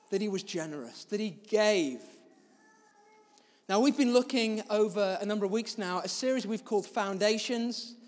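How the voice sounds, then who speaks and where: A man preaching as a pastor, telling a story in a sermon with big swings between loud and soft. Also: extremely high pitch, long reverb tail.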